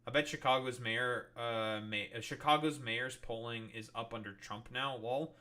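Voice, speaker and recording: Young man, streamer, bright voice, profane ranting, sarcastic. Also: mid-range voice, fairly even intonation, normal speed. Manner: mocking, sarcastic asides. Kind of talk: live-stream commentary.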